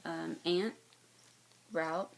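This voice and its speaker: A woman's voice: low-pitched, steady tone, very slow, gravelly, a little hiss or hum, poor audio. A woman from North Carolina with a light Southern accent, chatting casually to her viewers with lots of fillers and restarts. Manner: rambling, many fillers and restarts. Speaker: cross-stitch vlogger. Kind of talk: casual chat to camera.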